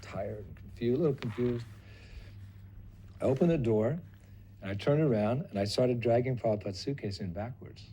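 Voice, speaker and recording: An older man recounting a personal memory as a lively storyteller who acts out other people's lines. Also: mid-range voice, normal speed, pauses often, breathy edge. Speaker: devotee recalling memories.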